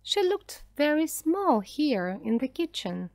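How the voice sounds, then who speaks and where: A woman narrating a graded reader story slowly and clearly for language learners. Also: sits high, big pitch swings, darkish tone, no echo. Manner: slow, clear, carefully paced for learners.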